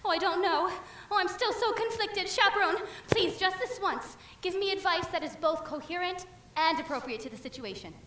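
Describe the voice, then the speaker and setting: Woman as a fretful showgirl bride, very high voice, from afar in a hall, music underneath. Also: moderate pace, few pauses, a bit bright, a little hiss or hum. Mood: melodramatic. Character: dramatic young bride, a showgirl. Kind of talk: amateur stage musical acting. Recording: distant, roomy stage recording with music.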